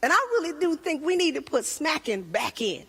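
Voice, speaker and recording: High-voiced woman doing stand-up. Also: a little fast. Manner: animated storytelling with voices. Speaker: stand-up comedian. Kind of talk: stand-up comedy routine.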